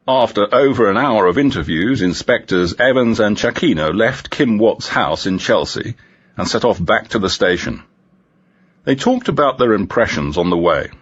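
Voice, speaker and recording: A man narrating a crime story for an audiobook in a measured, expressive way. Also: on the low side, slightly rough, highs cut off.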